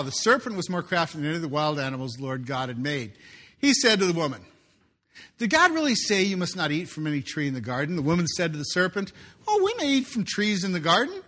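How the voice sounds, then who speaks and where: A man's voice: fairly high pitch, sharp tone. A man preaching a sermon, reading scripture aloud and breaking in with jokey asides. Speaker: pastor.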